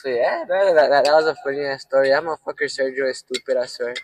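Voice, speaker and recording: A man's voice: medium pitch, quick pace, slight background noise, rough recording. A young man hosting a podcast, telling a story in a rambling, profane way with lots of fillers. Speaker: podcast host. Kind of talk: casual storytelling.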